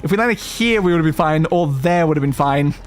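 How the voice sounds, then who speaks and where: A man's voice: a little high, expressive, brisk. An Australian man streaming a puzzle game, chatting casually and coaching himself through each jump while answering his chat. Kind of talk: casual gameplay commentary.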